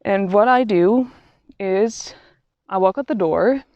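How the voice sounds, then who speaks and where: Woman, reflective walking vlog, unhurried, halting, dry close sound, dull lo-fi audio. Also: medium pitch, no room sound. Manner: slow, halting and thoughtful, with many restarts. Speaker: vlogger. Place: outdoors on a quiet walk in nature.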